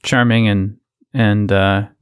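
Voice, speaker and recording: A man's voice: lowish voice, little pitch movement, slow, smooth, no room sound, clean studio sound. A man chiming in on a casual movie-review talk with brief, agreeable remarks. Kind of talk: casual chat.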